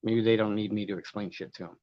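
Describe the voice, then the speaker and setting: On a live stream, a man with a lowish voice talks fast in a steady tone, rambling and arguing as he reads out the chat and answers it, cursing now and then. It's casual commentary, and the audio is dry, dull and lo-fi.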